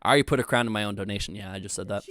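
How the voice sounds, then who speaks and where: A man's voice: on the low side, rapid-fire, a bit bright, no echo, clean studio sound. A young man hosting a casual livestream, rambling loosely and reading chat messages aloud with plenty of filler words. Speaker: livestream host.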